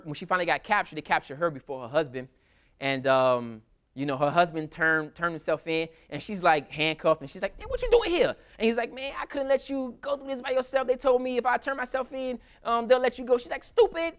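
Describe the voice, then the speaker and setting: A man giving a casual history lecture at a school, telling stories in a lively, colloquial way. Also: a little high. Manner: animated, colloquial storytelling. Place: school hall with audience.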